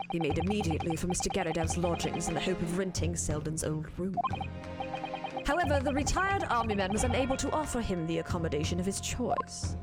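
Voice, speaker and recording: A woman voicing a calm, sharp young male defense lawyer who lays out his reasoning in a measured way. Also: medium pitch, natural voice. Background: loud game music.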